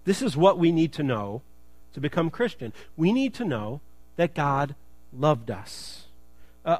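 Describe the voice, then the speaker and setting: Man pastor mid-sermon, fairly high voice, dry close sound, casual asides and emphatic refrains. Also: no echo. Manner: conversational and joking, then emphatic. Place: church.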